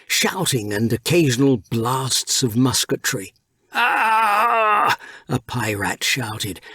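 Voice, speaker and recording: A man narrating an adventure audiobook, reading in a lively, unhurried scripted storybook style. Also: medium pitch, breathy edge, dry recording, studio quality.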